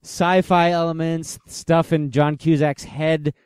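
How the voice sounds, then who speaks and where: A young man co-hosts a podcast in easy, casual chat, often laughing and putting questions to the others. His voice sits a touch high and sounds smooth and clear. The recording is close and dry. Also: level tone, slow, a little mellow, no room sound. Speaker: podcast co-host.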